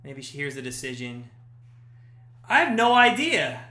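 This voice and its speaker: A man hosting a live watch-party stream, giving chatty play-by-play that jumps to shouts at big chances. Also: medium pitch, sing-song, unhurried. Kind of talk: casual watch-party commentary. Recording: echoey room.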